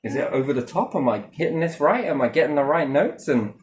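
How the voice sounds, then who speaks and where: A man's voice: on the high side, lively intonation, fairly quick. Rambling, swearing man. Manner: rambling, profane, wry, with frequent fillers. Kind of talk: casual storytelling chat.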